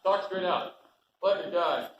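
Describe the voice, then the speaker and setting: An actor playing an eager, wisecracking male comedian who talks in quick, jokey, flirtatious patter. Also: high-pitched, reverberant, dull audio, background noise. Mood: flirty. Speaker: comedian character. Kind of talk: stage drama acting.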